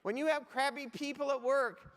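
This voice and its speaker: A middle-aged man with a very high, slightly bright voice keeps his intonation fairly even and his pace moderate. He's the keynote humorist at a large conference hall, telling punchy comic motivational stories and making asides to listeners over a stage mic, with echoey reverb.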